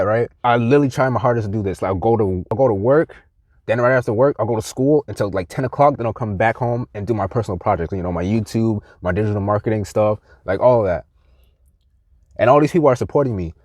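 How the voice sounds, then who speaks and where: A man's voice: medium pitch, fast talker, a little mellow, dry recording, studio quality. A young man vlogging a heated, profane rant to the camera, mocking other people in quoted voices. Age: young adult.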